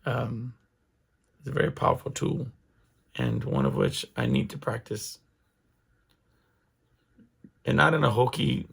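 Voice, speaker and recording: A man's voice: medium pitch, measured pace, creaky, long pauses, a bit bright, slightly rough. A middle-aged man hosting his own podcast, talking alone in a casual, rambling way with lots of restarts and fillers. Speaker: podcast host. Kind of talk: casual solo monologue.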